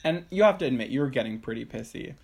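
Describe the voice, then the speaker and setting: A young man tells a story on a podcast, speaking at a middling pitch. He talks from his room at home, swears freely and slips into the voices of the people he quotes. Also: lively intonation, quick pace, vocal fry, a little mellow, breathy edge. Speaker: podcast co-host. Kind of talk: casual chat.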